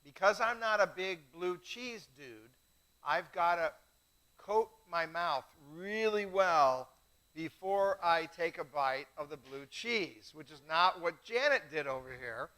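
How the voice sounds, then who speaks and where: A middle-aged man hosts a wine tasting in a chatty, self-mocking way. His voice sits high and sounds bright and forceful. He tells his stories with lots of energy. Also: lively intonation, slow pace, low-quality recording. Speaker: host of a live wine tasting show. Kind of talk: casual live-stream chat.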